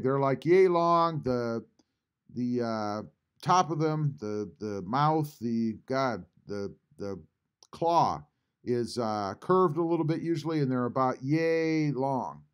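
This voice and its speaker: A man hosting a casual live stream from home, reading chat messages aloud and answering them with frequent pauses. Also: mid-range voice. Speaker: YouTube channel host reading live chat. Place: home, at a computer.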